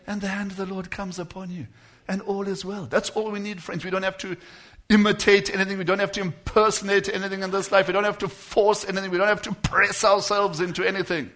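A man with a high pitch that barely moves delivers a sermon to his congregation, alternating soft and loud sections and slowly lengthening words for emphasis.

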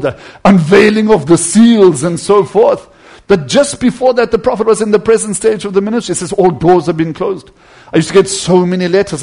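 A male preacher delivering a sermon with a rather high, slightly husky voice. He speaks emphatically, rising and falling, and drops to soft tones for quoted words.

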